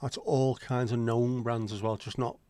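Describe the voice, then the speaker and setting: A man's voice: mid-range voice, flat delivery, moderate pace, dark tone, clean tone, dry recording. A man hosting a casual livestream, chatty and joking as he answers viewer comments. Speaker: livestream host.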